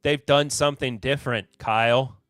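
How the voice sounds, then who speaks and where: A man's voice: mid-range voice, steady tone, normal speed, a bit bright, clean tone, dry recording, clean studio sound. Sarcastic man hosting a live whiskey podcast. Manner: rambling, sarcastic, self-deprecating. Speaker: podcast host. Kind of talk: casual live-stream whiskey chat.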